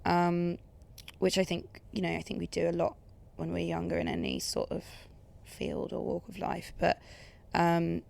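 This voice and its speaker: A woman's voice: fairly low pitch, flat delivery, normal speed, vocal fry, darkish tone. A young woman from England with an Essex accent, chatting casually as a podcast guest, full of "like" and sarcastic asides. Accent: English, Essex.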